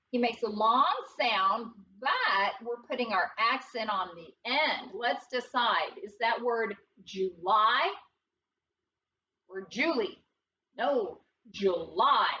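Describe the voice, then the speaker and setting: A woman teacher leading a phonics lesson in a classroom, talking slowly and deliberately and sounding out letters with encouragement. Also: high voice, bright, forceful tone. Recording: distant, dull lo-fi audio with faint noise.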